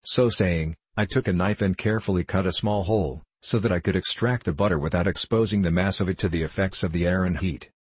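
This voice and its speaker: A man reading an adventure novel aloud as first-person audiobook narration, in a measured storytelling manner. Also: low-pitched, slightly rough, no echo.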